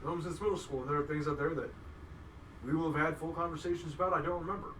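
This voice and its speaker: A man's voice: a little high, fairly even intonation, racing, a bit bright. A man in his twenties co-hosting a podcast, cracking jokes and laughing often. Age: 20s. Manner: joking, wisecracking, laughs a lot. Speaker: podcast co-host. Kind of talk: casual chat. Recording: roomy, distant mic with faint hiss.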